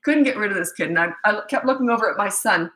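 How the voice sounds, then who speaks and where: A middle-aged woman coaching parents, telling a story in a direct, no-nonsense, animated way. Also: medium pitch, fast, roomy sound, low-quality recording. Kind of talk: casual storytelling advice.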